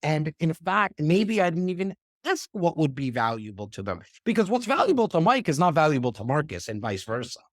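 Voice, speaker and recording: A man speaking as a podcast guest in a casual, animated conversation, often repeating words as he talks. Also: fairly high pitch, fairly quick, hardly any pauses, no echo, studio quality. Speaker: real estate investor and speaker. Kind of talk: casual interview chat.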